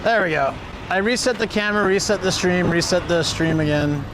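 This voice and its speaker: A man hosting a casual live stream outdoors on city streets, chatting and telling stories in an excitable way. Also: high voice, a little fast. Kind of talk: casual live-stream chat while touring. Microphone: portable streaming rig. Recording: busy street noise.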